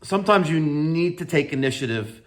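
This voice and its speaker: A man's voice: on the high side, expressive, moderate pace. A middle-aged man from New York who owns a plumbing business, talking unscripted with lots of fillers and self-corrections. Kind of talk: unscripted video talk.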